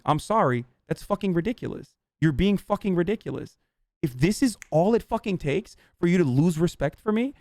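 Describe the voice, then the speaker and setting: A man streaming live, ranting heatedly at his chat with lots of swearing and halting restarts. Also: on the high side, a little mellow, dry recording, clean studio sound. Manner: profane, agitated, halting restarts.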